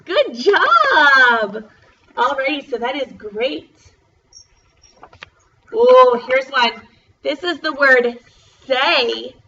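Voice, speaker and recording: A young woman teaching a first grade class over a video call, slowly spelling out words in a bubbly, encouraging way. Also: high voice, pushed and bright, muffled recording, slight background noise. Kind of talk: online class lesson.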